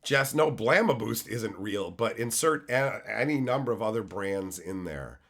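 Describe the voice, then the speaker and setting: A man's voice: lowish voice, lively intonation, unhurried, fairly bright tone. A man in his thirties from Canada, ranting on his stream with heated sarcasm and constant swearing. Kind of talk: profane ranting.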